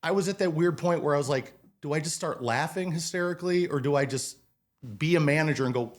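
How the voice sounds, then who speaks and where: Animated man telling work stories. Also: a little high, fast. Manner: animated storyteller, acts out quotes, swears casually. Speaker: restaurant manager, podcast guest. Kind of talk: casual interview storytelling.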